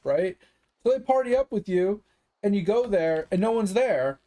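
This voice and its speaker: A man's voice: high-pitched, normal speed, mellow. A man streaming a game live, venting in a frustrated, swearing rant and laughing it off. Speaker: gaming streamer.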